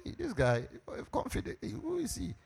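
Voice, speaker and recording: Curious gossiping church women, as a preacher puts them on, chattering in a high, lively, squealing voice. Their questions pile up quickly, and the husky, gravelly grain of the voice still shows through. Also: male voice, exaggerated voice. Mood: nosy excited.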